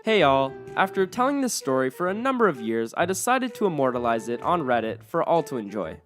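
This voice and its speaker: A woman narrating Reddit stories aloud in a wry, lively storytelling manner. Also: sits low, brisk, soft background music.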